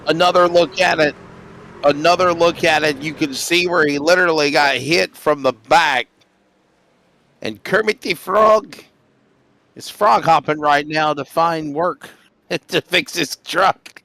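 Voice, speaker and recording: A man's voice: fairly high pitch, unhurried, bright, forceful tone, dry recording. A man doing color commentary on a sim truck race, full of jokes and laughing banter. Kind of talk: sim racing broadcast commentary.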